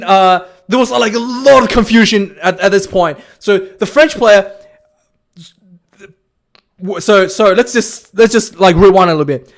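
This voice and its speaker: Guy with a high-pitched voice rambling through a rugby recap, stumbling over his words. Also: a bit bright. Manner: rambling, many restarts and fillers, laughs while retelling. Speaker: rugby fan reviewer. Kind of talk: casual match recap.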